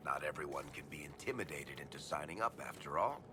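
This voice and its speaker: An actor playing a gruff male companion in a fantasy video game, speaking in a dry, sarcastic way. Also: extremely low pitch, lively intonation, fast talker, background noise. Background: game music.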